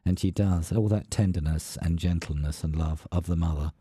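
Male host, interviewer, mellow dark tone, dry close sound. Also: sits low, steady tone, normal speed, breathy edge, no echo.

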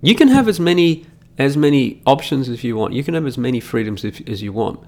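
A man's voice: mid-range voice, animated, fairly quick, gravelly, darkish tone. A middle-aged Australian man hosting a solo podcast, ranting profanely in a mocking, emphatic way into a studio microphone. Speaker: podcast host.

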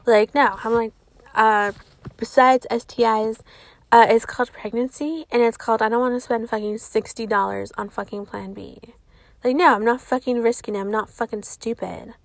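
A young woman chats straight to camera in a casual storytime monologue. Her voice sits a bit high, and the sound is dry and close with no room echo. She is blunt and outspoken, swears freely and leans on "like" between almost every phrase. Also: fairly even intonation, normal speed. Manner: profane, filler-heavy talk with constant "like". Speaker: vlogger telling a personal story.

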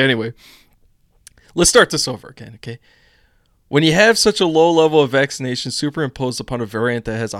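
A man's voice: medium pitch, a bit bright, no echo, clean studio sound. A young man from the United States hosting a casual political live stream, reading news aloud with rambling chatty asides.

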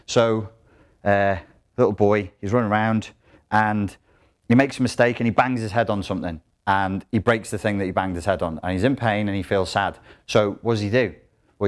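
A man with a somewhat low voice leads a live workshop talk to an audience. He is blunt and profane, joking with the room and often breaking off to restart a sentence. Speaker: workshop speaker.

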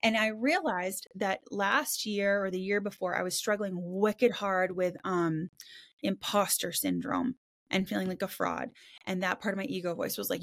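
Fast-talking, excitable woman podcast host. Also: medium pitch. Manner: fast, excitable, swears casually; animated storytelling with quoted voices. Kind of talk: casual roundtable podcast chat.

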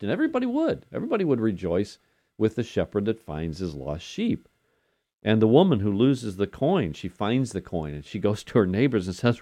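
Older male devotional host, warm low voice, chatty pace with plenty of fillers. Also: big pitch swings. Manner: unhurried, conversational, with frequent fillers. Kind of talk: daily devotional sermon.

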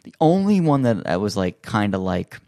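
A man with a somewhat low voice tells stories in a loose, conversational ramble, full of fillers and restarts. He slips into quick impressions of the people he is quoting. The recording is close and dry, with no room echo. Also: big pitch swings, vocal fry, mellow. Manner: acts out quoted voices in his stories. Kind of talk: casual chat.

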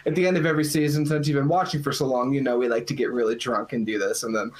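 A man's voice: mid-range voice, steady tone, very fast. A man co-hosting a podcast, openly drunk, rambling and swearing in casual chat. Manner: profane, rambling, boisterous. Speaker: podcast co-host.

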